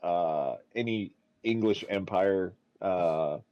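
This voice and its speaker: Male co-caster, very low voice, dull lo-fi call audio, relaxed and hesitant. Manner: laid-back, halting with many uhs. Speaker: co-commentator. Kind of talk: casual game commentary. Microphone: voice call mic.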